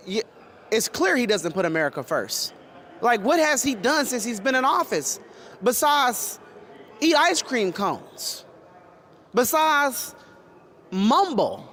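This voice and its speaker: High-voiced man, passionate street interview. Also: a bit bright. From Texas. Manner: passionate, repeats himself and restarts. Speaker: interviewee at a rally.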